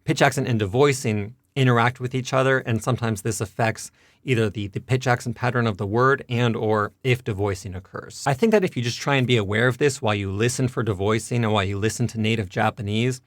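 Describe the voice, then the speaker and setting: Male teacher, mid pitch, dry studio sound, patient explainer. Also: no echo. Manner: patient, repeats words slowly to demonstrate. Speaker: language teacher. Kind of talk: explanatory lesson.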